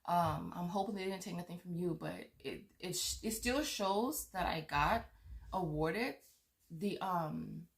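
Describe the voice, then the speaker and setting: Angry woman vlogger, cursing rant, lowish pitch, gravelly edge. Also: a little slow. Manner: heated, profane, repeats herself, stammers. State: furious. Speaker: vlogger on money-saving apps.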